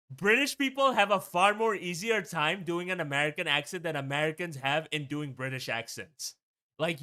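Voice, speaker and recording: A man's voice: a little high, bright, forceful tone, clear, resonant tone. A young man hosting a casual watch-party stream, rambling and swearing freely as he talks.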